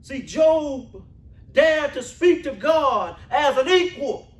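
A man delivers a sermon in a church, his voice sitting unusually high and leaping up and down in pitch. He repeats his phrases and swings from shouts to hushed asides, calling out to the congregation, and the room around him rings with echo. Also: lively intonation, slow, distant mic. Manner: calls out to the congregation. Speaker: preacher. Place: church sanctuary.

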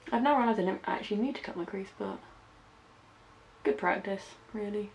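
At normal speed, a medium-pitched, gravelly and slightly mellow female voice carries a light West Country accent, with a little hiss or hum in the recording. The speaker, a young makeup vlogger from the West Country, chats through her tutorial, poking fun at herself step by step.

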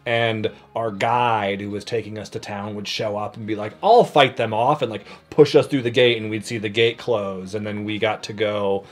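A man's voice: on the low side, level tone, moderate pace, few pauses. A man co-hosting a casual tabletop gaming chat, talking in a loose, rambling way and reading out listener stories. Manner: rambling, full of "like" and restarts.

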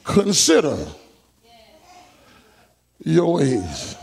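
A man preaching a fervent sermon in church, rising into shouts and high whoops. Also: wildly swooping pitch, extremely slow, gravelly, husky. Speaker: pastor. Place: church sanctuary.

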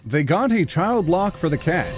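A woman's voice: low-pitched, a little mellow. A woman hosting a casual reaction video, laughing often and reacting to clips.

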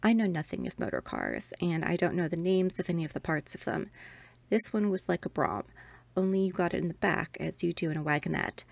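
A woman reads a Victorian ghost story aloud in a measured, expressive way. Her voice is on the low side with a gravelly texture. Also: no room sound. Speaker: podcast host reading aloud.

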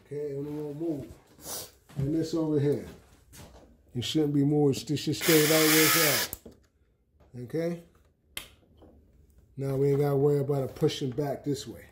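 A man's voice: fairly high pitch, moderate pace, long pauses, noisy background. A middle-aged man giving a casual tour of his apartment, often checking in with "okay?". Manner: relaxed, repeats "okay?" often. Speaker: home tour vlogger. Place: apartment room indoors.

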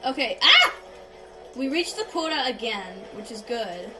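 A woman doing gameplay commentary, reacting loudly with exclamations and self-conscious laughter. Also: on the high side, expressive, normal speed, far from the mic, rough recording. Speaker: gaming YouTuber. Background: game music.

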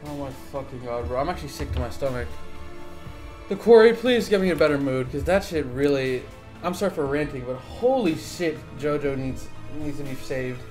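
A man's voice: mid-range voice, lively intonation, normal speed, over music. A young man making a gaming video, ranting in an agitated, profane way. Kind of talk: profane live-reaction rant.

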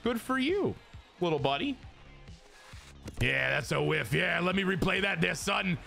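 Man, gameplay commentary, excitable, swearing, lively pitch swings, faint background music. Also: measured pace, creaky. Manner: excitable, swears, trash-talks the opponent. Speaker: gaming channel host.

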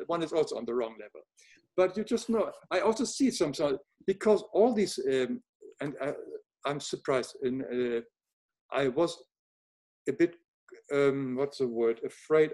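An older man speaking English with a noticeable foreign accent, a podcast guest talking in a reflective, earnest way, often pausing and restarting his sentences. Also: mid-range voice. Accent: noticeable non-native English accent. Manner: halting, many restarts, soft-spoken and earnest. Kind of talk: reflective casual conversation.

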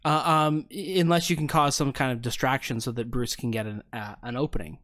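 A man's voice: mid-range voice, fairly even intonation, fairly bright tone, no echo, clean studio sound. A man running a tabletop game as game master, narrating with frequent restarts. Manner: halting, restarts often.

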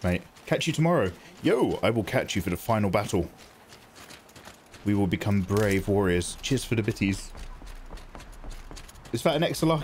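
A man chatting through live gameplay, excitable and jokey, thanking viewers as he plays. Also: fairly low pitch, a little hiss or hum. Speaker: gaming streamer.

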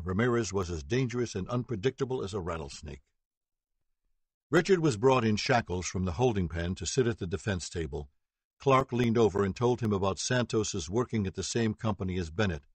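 A man reading a true-crime audiobook as narrator, steady and even, voicing quoted dialogue lightly. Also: lowish voice, breathy edge, dry recording. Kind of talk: scripted narration.

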